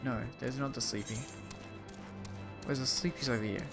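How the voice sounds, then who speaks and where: A man's voice: mid-range voice, steady tone, normal speed, music in the background. A young Australian man streaming a game, chatting casually and self-mockingly with his chat. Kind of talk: casual gaming commentary.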